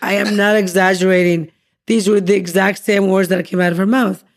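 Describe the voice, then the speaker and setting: A woman with a mid-range voice co-hosting a podcast. She tells the story with animated emphasis and insists on getting the exact details right. She is recorded outdoors by a pool. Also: mid-range voice, fairly quick. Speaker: podcast co-host. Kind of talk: casual storytelling chat.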